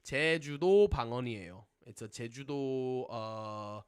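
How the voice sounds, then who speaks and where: A young man teaching a casual livestream language lesson, chatty and animated, always checking in with his viewers. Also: mid-range voice, very fast, clean tone.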